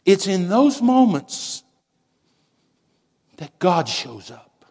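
A man preaching a sermon slowly and dramatically, dropping at times to a hushed near-whisper for emphasis. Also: high voice, very animated, breathy edge. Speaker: pastor.

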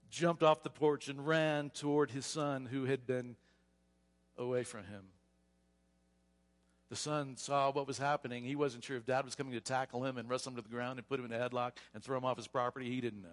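A male pastor preaching a storytelling sermon, animated, often repeating words as he goes. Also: mid-range voice, long reverb tail. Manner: animated retelling, frequent repetitions. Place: church sanctuary.

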